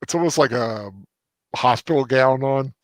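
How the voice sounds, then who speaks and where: A man's voice: mid-range voice, normal speed, dry recording. A man hosting a casual movie rewatch commentary, rambling with fillers and laughing often.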